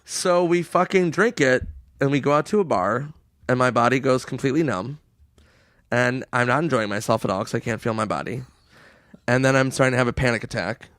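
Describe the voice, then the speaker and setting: A man telling stories in casual chat, laughing as he goes and jumping into a high put-on voice to quote people. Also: fairly quick, fairly bright tone, no room sound. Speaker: comedian guest. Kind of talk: casual storytelling.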